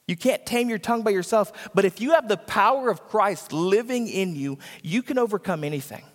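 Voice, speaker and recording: With few pauses and a fairly quick pace, a high-pitched pastor preaches in a church sanctuary whose hall reverb colors every line. He repeats his points for emphasis and acts out the people he quotes.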